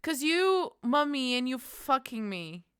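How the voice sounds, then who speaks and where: A young woman streamer in a high voice with big pitch swings chats unhurriedly with her viewers, giggly and bubbly, squealing greetings and cursing in play. Her tone is fairly bright, clear and resonant, in studio-quality audio without echo.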